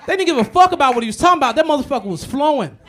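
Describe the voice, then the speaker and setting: A man performing a stand-up comedy set. His delivery is animated and profane, and he swings between muttered asides and loud punchlines. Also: very high voice, rapid-fire, some chatter behind, slight background noise. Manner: animated, profane storytelling with many repetitions.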